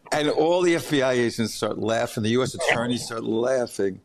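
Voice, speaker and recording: A middle-aged man hosting a podcast, telling an anecdote in a casual, animated way and laughing as he goes. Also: mid-range voice, moderate pace, few pauses. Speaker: podcast host. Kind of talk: casual storytelling.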